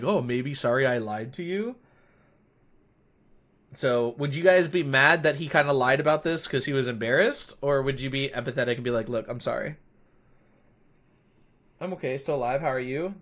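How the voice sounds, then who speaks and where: A man's voice: fairly high pitch, fairly bright tone. A young man streaming a game live, chatty, thanking viewers and talking through choices. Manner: chatty, reads and thanks chat. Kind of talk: live gameplay commentary.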